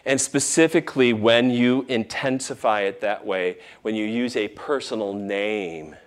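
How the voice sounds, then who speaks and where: Casting male pastor, lowish voice, sermon with big swings from emphatic to hushed and tender. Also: a little slow, smooth. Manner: dramatic swings from loud emphasis to hushed near-whisper.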